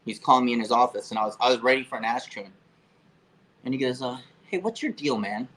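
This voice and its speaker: A man in his fifties tells stories from his past as an interview guest. He swears freely and keeps things loose with plenty of fillers. His voice sits at a middle pitch, with a faint hiss of background noise. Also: fast, low-quality recording. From Florida, USA. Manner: profane, animated anecdote-telling with frequent fillers. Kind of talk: casual storytelling.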